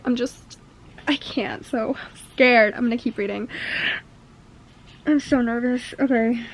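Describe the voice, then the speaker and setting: Excitable young woman book vlogger. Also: a little high, measured pace, pauses often, lo-fi sound, slight background noise. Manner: excitable, gasping and swearing as she reacts. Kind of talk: casual reading vlog chat.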